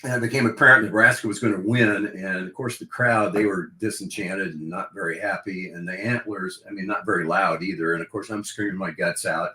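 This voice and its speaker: Deep-voiced older man telling stories, echoey room. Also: fairly even intonation, a little fast, few pauses, bright, forceful tone. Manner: rambling, reminiscing with restarts and laughs. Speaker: guest, longtime radio play-by-play broadcaster. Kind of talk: casual podcast interview, storytelling.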